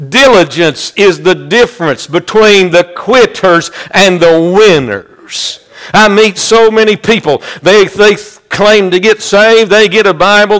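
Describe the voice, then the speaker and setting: A man's voice: high voice, fairly bright tone. A male pastor preaching a fervent sermon with rhythmic repetition.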